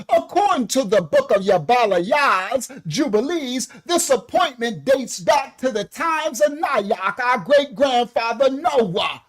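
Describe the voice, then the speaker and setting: A man giving a livestreamed scripture lesson as a Bible teacher, speaking fervently, calling out exclamations and breaking into laughter, into his own desk microphone. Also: very high-pitched.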